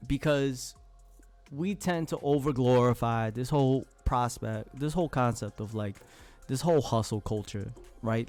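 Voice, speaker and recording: A man's voice: mid-range voice, moderate pace, darkish tone, faint music behind. A man chatting casually with his live-stream chat as host, playful and laughing often, trying out silly voices.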